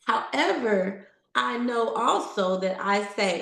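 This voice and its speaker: A woman's voice: medium pitch, lively intonation, slow, reverberant. A woman giving a conversational motivational talk to a live audience, encouraging and full of questions. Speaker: motivational speaker.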